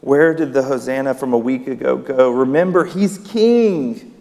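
A man's voice: mid-range voice, fairly even intonation, fairly quick, gravelly, a little mellow. A man preaching a sermon in a church hall, emphatic, his voice rising on key words. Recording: long reverb of a hall.

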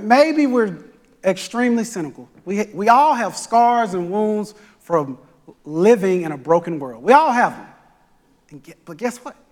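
A male pastor preaching a sermon in a church sanctuary, with rhythmic, repetitive phrasing and call-and-response. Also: high voice. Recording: echoey church hall.

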